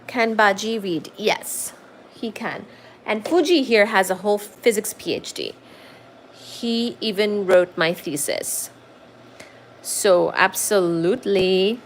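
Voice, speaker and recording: A woman's voice: mid-range voice, slow pace, a little hiss or hum. A woman hosting a casual livestream from home, reading chat comments aloud and cooing baby talk at her cat.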